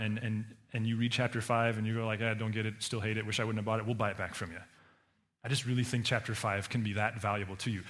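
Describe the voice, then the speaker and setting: A man preaching a sermon as pastor, in a conversational way with many restarts and repeated words. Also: a bit bright. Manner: acts out quoted voices with sudden pitch jumps.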